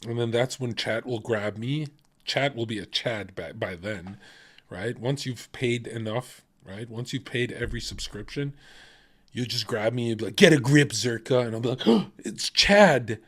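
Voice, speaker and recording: A man streaming casually, reacting to videos with profane jokes and sudden shouted bits. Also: medium pitch, steady tone, moderate pace. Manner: profane, jokey, jumps to loud shouting bits.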